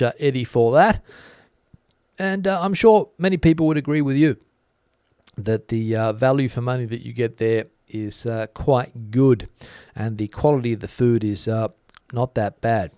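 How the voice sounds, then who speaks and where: A man's voice: medium pitch, lively intonation, moderate pace, a little mellow, clean tone, no room sound, clean studio sound. A middle-aged man hosting a casual livestream, reading out viewer comments with many hesitations. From Australia. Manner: hesitant, lots of uh fillers, reads out comments. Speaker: livestream host reading chat. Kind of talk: casual live chat.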